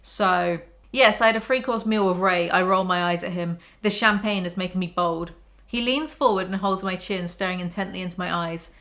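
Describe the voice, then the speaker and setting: A woman's voice: on the low side, steady tone, normal speed, a bit bright. A woman reading a book aloud and mocking it in sarcastic, exasperated commentary. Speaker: YouTuber.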